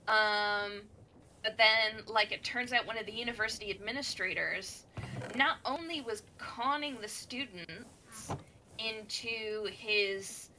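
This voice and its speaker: Give me a chatty woman gamer with a bright, fairly high voice, telling a story casually over faint noise. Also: takes it slowly. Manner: chatty, animated, many fillers. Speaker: gaming streamer. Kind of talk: casual storytelling while playing a game.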